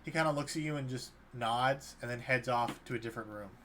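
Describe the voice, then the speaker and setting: A man narrating as dungeon master in a relaxed, hesitant way with many fillers. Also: mid-range voice, a little fast, a little hiss or hum. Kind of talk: narrating a tabletop game.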